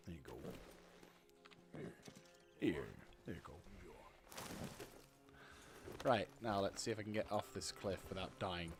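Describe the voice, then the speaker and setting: A man casually commentating a video game playthrough, chatting to himself and his in-game horse with bursts of excitement. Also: sits low, moderate pace, long pauses, music in the background. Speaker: gaming YouTuber. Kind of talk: casual let's play commentary.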